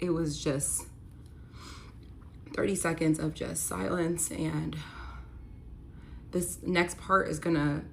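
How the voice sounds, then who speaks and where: Speaking into her phone camera, a young real estate agent shares her own story with candor and sincerity, a casual "like" recurring in her speech. Her voice is low-pitched, and there's slight background noise.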